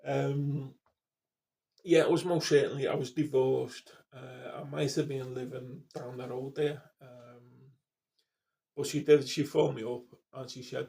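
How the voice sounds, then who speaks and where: Brief: fifties guy, gravelly voice, loose sweary storyteller. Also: mid-range voice, steady tone, a little slow, mellow. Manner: swears constantly, trails off, restarts sentences. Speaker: vlogger. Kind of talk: casual rambling monologue.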